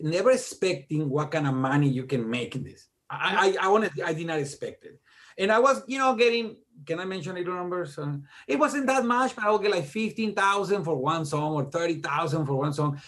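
A middle-aged music producer appears as an interview guest, speaking briskly in a slightly high, lively voice. His casual storytelling is animated and self-deprecating, and he laughs at himself as he goes.

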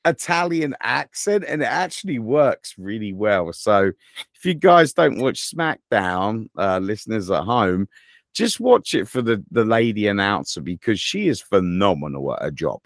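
A man's voice: on the low side, measured pace, dry recording, clean studio sound. A man co-hosting a podcast, telling rambling, profane stories in casual chat. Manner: animated, rambling and profane storyteller. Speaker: podcast co-host.

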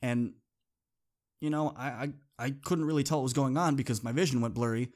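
Man, podcast host, earnest, conversational, mid-range pitch, motivational monologue. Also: fairly quick, darkish tone. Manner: earnest, conversational, repeats phrases for emphasis.

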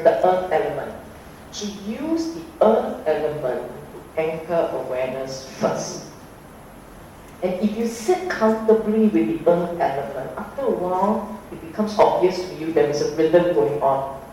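Slow mellow guy teaching meditation, far off in a big echoey hall, faint room hum. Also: fairly high pitch, animated. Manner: unhurried, emphatic, playful asides. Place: hall with an audience. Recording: roomy hall, voice from a distance.

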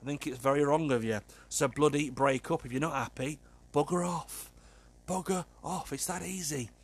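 A man talks bluntly and casually as a podcast host. He swears freely while giving agony aunt advice, at a medium pitch. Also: a little fast, breathy edge. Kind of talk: casual chat.

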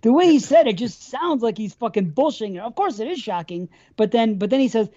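A woman's voice: on the high side, lively intonation, fairly quick, warm tone. A woman in a casual film discussion, swearing often and retelling scenes at length. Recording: slightly muffled recording.

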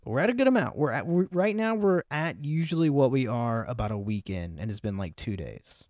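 A man's voice: medium pitch, sing-song, a little fast, darkish tone, no echo, clean studio sound. A man co-hosting a podcast, chatting casually and teasing his partner with jokes. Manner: teasing, joking. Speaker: podcast co-host. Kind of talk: casual chat.

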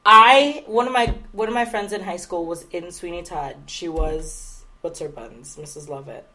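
A woman's voice: lowish voice, normal speed, sharp tone. A young woman co-hosting a podcast, teasing playfully and laughing often in casual chat. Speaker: podcast co-host.

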